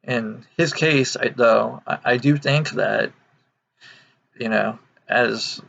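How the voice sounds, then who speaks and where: A man's voice: medium pitch, takes it slowly, vocal fry, a bit bright, muffled recording. An American man in his twenties to thirties, talking casually to camera, rambling with many fillers and restarts. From United States. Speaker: video host. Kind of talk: casual opinion monologue.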